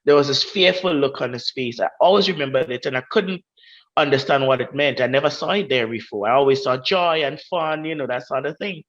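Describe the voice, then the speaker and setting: A woman's voice: a bass voice, brisk, highs cut off. A woman with a Grenadian accent, a podcast guest telling a personal story and acting out the voices of the people in it. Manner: vivid, acts out quoted voices.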